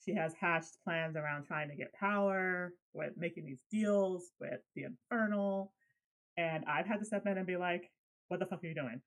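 Woman co-host, casual podcast chat, lively and swears freely. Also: lowish voice, moderate pace, poor audio. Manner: animated, laughs often, swears when riled.

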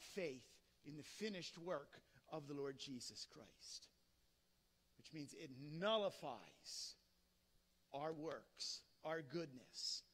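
High bright guy giving a dramatic sermon, asks the crowd questions, goes loud then hushed. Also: long reverb tail. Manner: dramatic preaching with rhetorical questions, swinging loud and soft. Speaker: preacher.

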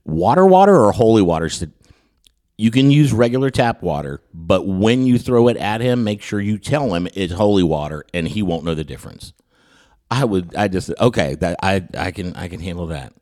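Deep-voiced man telling a story. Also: normal speed. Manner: animated storyteller who acts out quotes, with frequent stammered restarts. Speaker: podcast host. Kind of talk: storytelling anecdote in casual chat.

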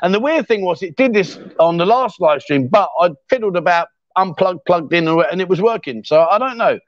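A middle-aged man with an English accent chats on a live stream, joking with his viewers and calling them mate. His voice sits fairly high for a man. The sound is dry and a little dull. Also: animated, moderate pace, no echo. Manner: chatty and jokey, full of mate and fair play. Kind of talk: casual live-stream chat reading comments.

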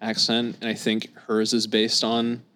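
A man's voice: fairly low pitch, completely flat delivery, measured pace, fairly bright tone, slight background noise. A man from Scotland chatting casually as a podcast guest, laid-back, swearing freely and laughing easily.

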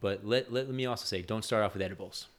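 Young man, podcast co-host, easygoing rambling chat, lowish voice. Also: quick pace. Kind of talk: casual chat.

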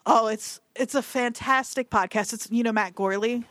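A woman's voice: on the high side, normal speed, fairly bright tone, dry recording. A woman co-hosting a movie podcast in casual chat, rambling with many fillers and asides. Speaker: podcast co-host.

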